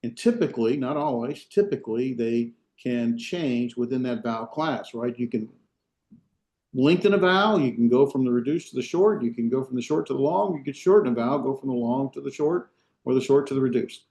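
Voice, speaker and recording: A man teaching a language class in a lecture, unhurried and full of fillers and restarts as he explains step by step. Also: mid-range voice, lively intonation, darkish tone. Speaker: Hebrew instructor. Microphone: video call.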